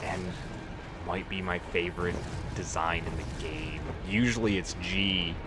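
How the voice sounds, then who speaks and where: A man's voice: low-pitched, fairly even intonation, a little slow, heavy background noise. A man giving rambling, offhand gameplay commentary as a let's play host, swearing casually.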